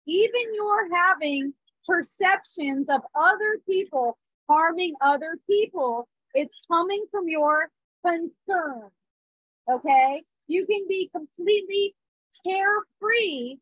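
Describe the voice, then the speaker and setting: Earnest woman in her 30s talking spirituality, high voice, kinda dull dry sound. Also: expressive, slow pace, no echo. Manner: earnest, talks with small restarts and frequent "okay?". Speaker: spiritual teacher. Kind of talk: spiritual talk to a group. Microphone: phone or device mic.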